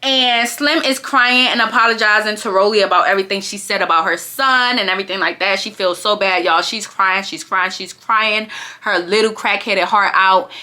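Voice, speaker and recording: A woman giving a casual, gossipy recap of a reality show, talking in an animated, slangy way. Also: mid-range voice, moderate pace.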